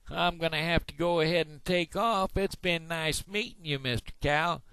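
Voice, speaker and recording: Brief: man playing a chirpy boastful frog, high and slow-drawn, gravelly edge. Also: fairly even intonation, no echo. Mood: cheery. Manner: loud, high and eager, drawn-out greetings. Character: chirpy boastful male big-mouth frog.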